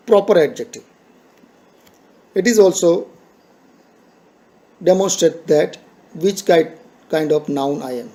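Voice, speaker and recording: This is a high-pitched man, giving a grammar lesson. He speaks slowly and patiently, restating each rule in simple words. His voice is mellow and soft-edged. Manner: patient, repeats points slowly, simple explanatory phrasing. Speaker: teacher.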